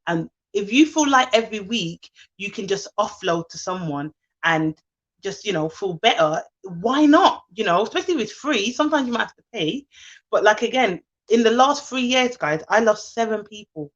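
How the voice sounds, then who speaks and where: A woman with a medium-pitched, lively voice talks at a normal speed on a lo-fi recording. She's hosting a live stream, chatting candidly and from the heart with her viewers and reading their comments aloud.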